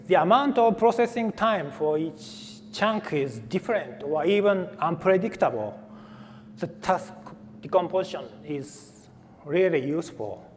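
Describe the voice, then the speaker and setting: Light background noise and a faint hall reverb surround this technical talk by a conference speaker from Japan whose native language is Japanese. His voice is a bit high, and he keeps pausing, filling gaps and starting over.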